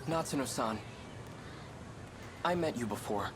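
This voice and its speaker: A man's voice: medium pitch, expressive, unhurried, slight background noise, natural voice. An actor voicing an earnest young man displaced from 1945, speaking in a pleading, sincere way in a video game.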